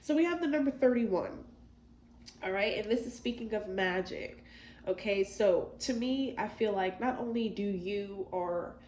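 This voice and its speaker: A woman's voice: medium pitch, a little slow, darkish tone. Chatty woman reading tarot. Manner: chatty, many fillers and asides. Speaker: tarot reader. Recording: echoey room with faint noise.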